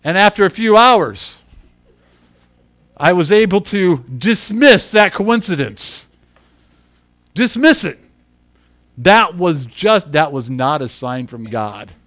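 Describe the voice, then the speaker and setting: A man, a middle-aged pastor, telling a personal story in his sermon, dropping to hushed asides and then building to loud, emphatic bursts, chuckling at himself along the way. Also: high voice, sing-song, slow, pauses often. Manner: self-deprecating, chuckles through his story.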